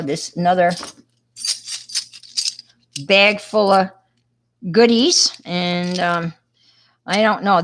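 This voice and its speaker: A woman's voice: on the low side, gravelly, background noise. A middle-aged woman with a New York accent, chatting casually with viewers on a crafting livestream and greeting them by name.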